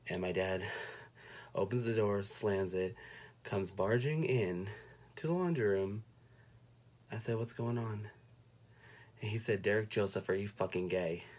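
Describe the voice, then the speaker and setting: A young man from North Carolina telling a personal story on a livestream, speaking in a soft, halting way and fighting back tears. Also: low-pitched. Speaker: vlogger. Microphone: phone or webcam.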